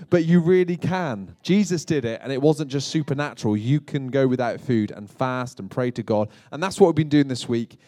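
British pastor with a chatty, joking delivery. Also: male voice, medium pitch, brisk, hardly any pauses, a little mellow, no room sound, studio quality. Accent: British English. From Britain. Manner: chatty, self-deprecating storytelling with asides to the congregation. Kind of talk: humorous sermon.

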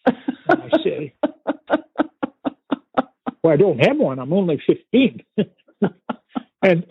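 A man's voice: high-pitched, slightly rough, no echo. Older man telling a story over a tinny line. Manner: unhurried, vivid storytelling with pauses and restarts. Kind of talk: recounting a family story in conversation. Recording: tinny phone-like line, dry.

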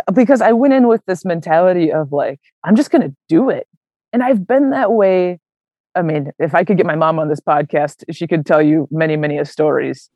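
A young adult woman telling a hiking story as an interview guest, animated and casual, full of "like" and "man". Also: sits low. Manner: animated, many fillers like "like" and "man", acts out quoted voices. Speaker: interview guest, long-distance hiker.

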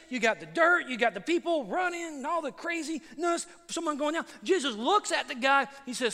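A high-pitched man preaches with a bright, ringing tone, acting out the people of the story as he goes. His voice trails off in the long reverb of a big hall. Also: very animated, a little fast, hardly any pauses. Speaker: pastor. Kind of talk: sermon.

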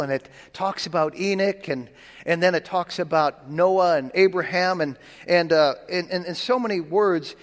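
Folksy preacher man in a reverberant hall. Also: on the high side. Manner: folksy, repeats words, slow scripture reading. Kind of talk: sermon.

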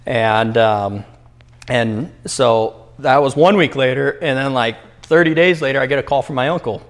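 A man in his twenties, an entrepreneur guest in a podcast interview, telling his story in a lively way, acting out quotes with many fillers and restarts. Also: mid-range voice, normal speed. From New Mexico, US. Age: 20s.

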